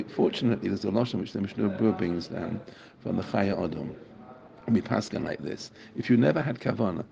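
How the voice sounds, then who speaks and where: A man's voice: medium pitch, gravelly. A man teaching a Torah class in a casual, enthusiastic way, repeating phrases for emphasis. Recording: muffled recording with a crowd audible.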